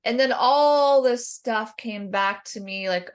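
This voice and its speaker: A middle-aged woman, a dietitian guest on a podcast, telling a long personal story in a lively, self-deprecating way and acting out the voices in the quotes she recounts. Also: on the high side, slow pace.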